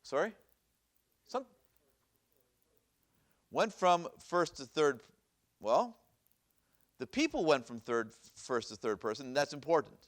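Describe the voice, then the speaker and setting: A man with a somewhat high, animated voice teaches a Bible class as a rabbi, speaking slowly and pausing often. In this synagogue classroom lecture, he reads Hebrew verses aloud and poses questions to the audience, repeating them.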